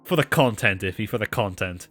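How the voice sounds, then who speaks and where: Bright-toned man rambling on stream. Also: fairly low pitch, expressive, a little fast, soft background music. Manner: rambling anecdotes with many fillers and laughs. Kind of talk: casual live-stream chat.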